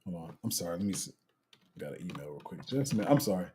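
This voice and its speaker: Young guy doing a live q&a, slangy and chatty, kinda dark mellow tone. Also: low voice, sing-song, quick pace, a little hiss or hum. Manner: chatty, slangy, trails off and restarts while multitasking. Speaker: crypto livestream host. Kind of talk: casual live Q&A, reading chat.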